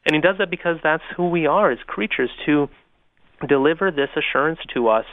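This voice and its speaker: Pastor on a tinny radio line. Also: male voice, fairly high pitch, a little fast, no room sound. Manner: earnest, explanatory with fillers. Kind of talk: radio talk on faith.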